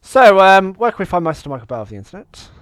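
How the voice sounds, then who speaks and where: A man's voice: sits high, very animated, quick pace, smooth, dry recording. A man co-hosting a comedy podcast, firing off exasperated, sweary rhetorical questions. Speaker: podcast co-host. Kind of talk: comic ranting podcast chat.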